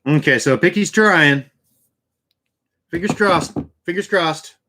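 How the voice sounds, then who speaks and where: A man's voice: on the high side, slow, bright, forceful tone. Chatty man hosting a livestream. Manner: chatty, loose, with frequent restarts. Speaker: livestream host. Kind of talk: casual livestream chat.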